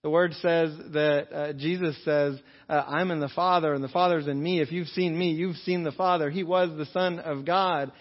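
A man preaching a sermon as pastor, earnestly, slowing down to stress key phrases. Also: a little high, fairly even intonation. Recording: dull lo-fi sound in a reverberant hall.

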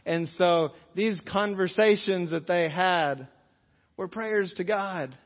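Male pastor preaching in a reverberant hall. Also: high-pitched. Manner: earnest preaching, slowing for emphasis on key phrases. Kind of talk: sermon. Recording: dull lo-fi sound in a reverberant hall.

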